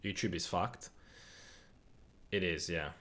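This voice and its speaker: Speaking slowly in a deep voice, a young man from the UK hosts a football watch-along stream. He chats casually, reads the chat aloud, swears and gets worked up.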